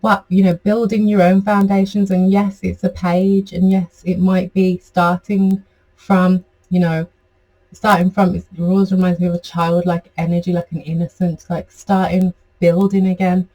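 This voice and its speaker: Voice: medium pitch, little pitch movement, normal speed, a little mellow, rough recording. A tarot reader giving a casual, chatty reading to camera, rambling with many fillers.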